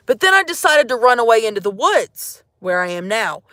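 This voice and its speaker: A woman's voice: on the high side, very animated, a little fast, bright, forceful tone, no room sound, studio quality. A young woman rambling to her livestream viewers in a jokey, profane, casual chat from out in the woods. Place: outdoors in the woods.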